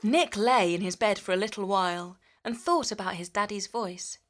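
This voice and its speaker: A woman's voice: medium pitch, normal speed. A woman narrating a children's story in a playful way, stretching words out to mimic sounds.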